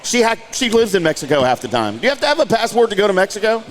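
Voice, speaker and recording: A man's voice: high voice, big pitch swings, very fast. A man co-hosting a golf podcast in casual chat, joking and ribbing his partner. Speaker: podcast co-host.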